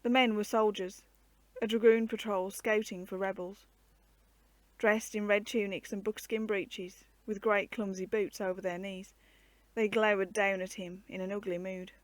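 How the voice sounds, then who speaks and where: A woman reading a storybook aloud in a steady, measured narration. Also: mid-range voice, no echo.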